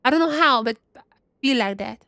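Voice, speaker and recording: A woman's voice: sits high, expressive, gravelly, sharp tone, clean tone, no echo. Emphatic young woman streaming a game. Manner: emphatic, repeats herself with quick dismissals. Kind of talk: live gameplay commentary.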